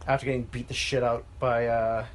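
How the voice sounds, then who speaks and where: A man co-hosting a podcast in casual chat, firing off quick agreeing replies and dry, swearing asides. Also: mid-range voice, level tone. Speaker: podcast co-host.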